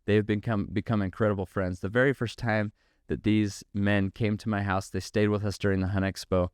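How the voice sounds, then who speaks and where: A middle-aged man speaks in a low, smooth, resonant voice, earnest and measured. He builds his points through preacherly repetition. The sound is dry and close. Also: level tone, a little mellow, no echo. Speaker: podcast host and company founder. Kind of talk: reflective faith-based monologue.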